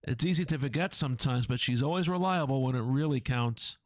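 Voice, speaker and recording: A man's voice: mid-range voice, a little fast, no room sound. A man reading a visual novel aloud in a dramatic way, acting out the characters and adding his own asides. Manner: lively, voices each character, adds asides. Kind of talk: dramatic read-through of a game.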